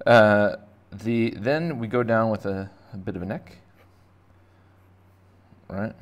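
Deep-voiced man rambling through a drawing lesson. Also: takes it slowly, highs cut off. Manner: rambling, jokey, thinks aloud while drawing. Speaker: art teacher. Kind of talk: casual drawing lesson for kids.

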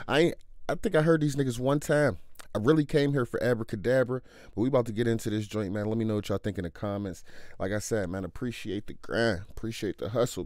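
A man's voice: medium pitch, a little mellow, no echo, clean studio sound. A man with a cold, coughing now and then, giving a casual, slangy reaction commentary full of laughter. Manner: hyped, laughs a lot, slangy banter. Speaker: music reaction host.

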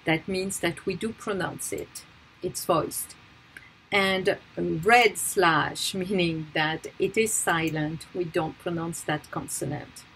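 Slow, patient woman teaching pronunciation. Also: lowish voice, a bit bright, a little hiss or hum, rough recording. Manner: patient, repeats each example word slowly. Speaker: French teacher. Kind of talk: pronunciation tutorial.

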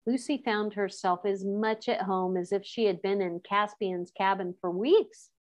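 A woman teacher reading a children's novel aloud to her class, unhurried, with chatty asides and quick self-corrections. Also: mid-range voice, fairly even intonation, muffled recording. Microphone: class recording.

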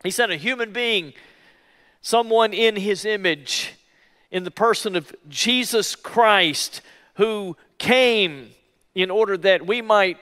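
A male pastor preaching a sermon in an emphatic way, repeating key phrases slowly for weight. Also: high voice, sharp tone, clean tone, big-room sound. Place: church.

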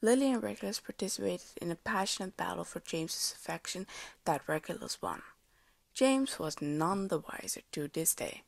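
A woman's voice: on the low side, animated, normal speed, gravelly, no room sound. A woman reading a fan story aloud, stumbling over words and restarting them. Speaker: podfic reader.

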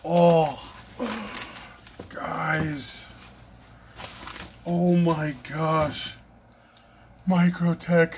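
A man's voice: fairly high pitch, fairly even intonation, extremely slow, pauses often, a little hiss or hum. A man unboxing a knife for his vlog, gushing and breathless, repeating himself as he talks. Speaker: knife collector vlogger.

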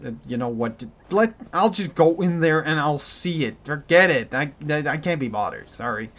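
A man giving a commented game playthrough, with a mix of American and British in his accent, swinging from panicked shouts to dry muttering. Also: fairly high pitch, normal speed. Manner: excitable, yelps and shouts in panic, then mutters dryly. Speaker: gaming commentator.

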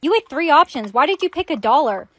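High-voiced young woman giving warnings. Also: expressive, fairly quick, fairly bright tone, dry recording. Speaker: skit co-actor. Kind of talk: scripted comedy skit.

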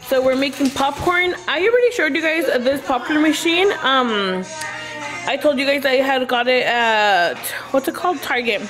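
A woman's voice: high-pitched, moderate pace, music in the background. A young woman chatting casually to her camera at home, rambling with lots of ums. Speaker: vlogger. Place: at home, sitting down.

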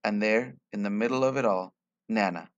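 A man reading a short story aloud in a quiet, measured way. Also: lowish voice, highs cut off. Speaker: reader.

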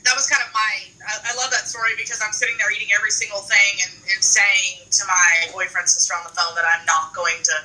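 A woman's voice: medium pitch, level tone, fast talker, hardly any pauses, bright, forceful tone, recorded from a distance, rough recording. A woman guest telling a story in a chatty, easygoing way. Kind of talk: casual chat.

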